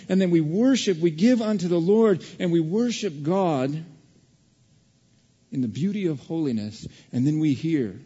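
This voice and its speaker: A man preaching a sermon as a pastor, telling a childhood story in an animated way and acting out other people's voices. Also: fairly high pitch, a little slow, husky. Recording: dull, reverberant hall recording.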